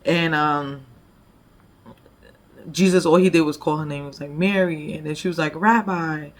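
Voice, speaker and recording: A woman's voice: deep voice, steady tone, moderate pace. A woman leading a devotion, retelling a Bible story conversationally with frequent "like" and "you know". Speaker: devotion leader.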